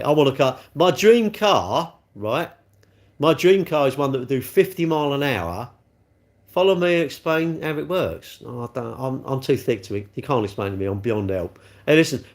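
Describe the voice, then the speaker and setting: A middle-aged man, talking casually to viewers on a live stream. His pitch bounces around a lot, and he is blunt and quick to poke fun at himself. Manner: chatty, blunt, self-mocking, laughs often. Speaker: livestream host, car dealer. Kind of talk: casual livestream chat reading comments.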